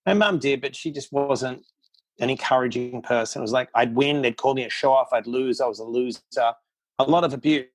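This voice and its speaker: Blunt, candid man telling his story. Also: medium pitch. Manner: candid, blunt, fast storytelling with acted quotes. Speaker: podcast guest. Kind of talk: casual storytelling interview.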